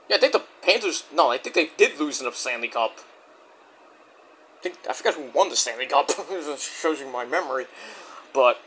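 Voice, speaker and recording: A man's voice: fairly high pitch, slight background noise. A man casually reviewing a wrestling show, rambling and cursing freely as he recaps. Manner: profane, rambling, animated.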